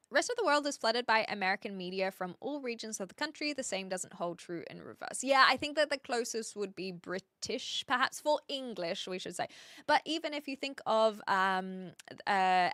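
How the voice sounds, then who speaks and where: Kiwi girl streamer rambling to chat, lots of ums, bright tone, dead dry mic. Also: medium pitch, no room sound. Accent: New Zealand. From New Zealand. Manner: chatty, reads chat aloud, many fillers. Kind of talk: casual live-stream chat.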